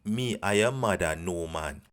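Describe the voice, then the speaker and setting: A performer voicing a deep-voiced male Rasta with a Jamaican accent in a cartoon, talking in a slow, mumbling low drawl. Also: expressive. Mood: laid-back. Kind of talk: animated cartoon voice acting.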